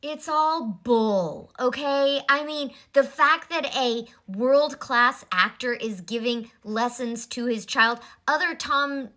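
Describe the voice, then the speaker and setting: A woman's voice: high voice, slow pace, few pauses, bright, forceful tone. A woman in her forties giving a blunt, exasperated commentary in a vlog. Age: 40s. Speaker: vlogger.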